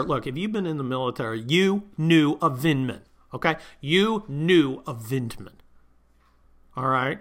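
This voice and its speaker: A man's voice: fairly high pitch, expressive, normal speed. A man hosting a political talk monologue, combative and sarcastic, heaping insults on his targets. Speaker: political commentary host.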